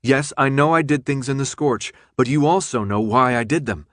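A man's voice: mid-range voice, moderate pace, fairly bright tone, no room sound, studio quality, pitched above the performer's own voice, natural voice. A man reading an audiobook, voicing a young woman who pleads her case insistently. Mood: pleading.

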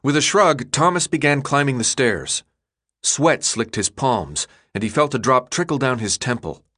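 A man narrating an audiobook in a measured, expressive storytelling voice. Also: mid-range voice. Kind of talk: scripted narration.

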